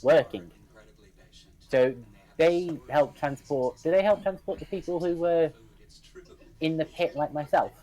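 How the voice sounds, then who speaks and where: A man's voice: fairly high pitch, unhurried, long pauses, mellow, rough recording. A man playing in a tabletop game, cautious and hesitant, asking careful questions. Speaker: player. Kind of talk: casual tabletop game chat.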